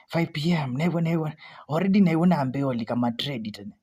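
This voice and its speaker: A Kenyan woman giving anxious, excitable live commentary as she trades, repeating herself often. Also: low-pitched, brisk, husky. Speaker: forex trader streaming live.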